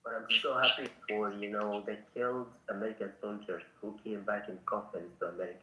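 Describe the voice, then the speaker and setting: Halting, low-voiced man. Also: level tone, sharp tone, echoey room, rough recording. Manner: halting, repetitive questioning.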